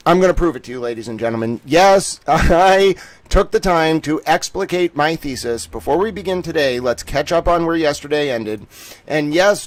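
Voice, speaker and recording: A man hosting a live stream, greeting viewers and speaking in a grandiose, theatrical way. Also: a little high. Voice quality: theatrical and grandiose, addresses "ladies and gentlemen". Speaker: livestream host.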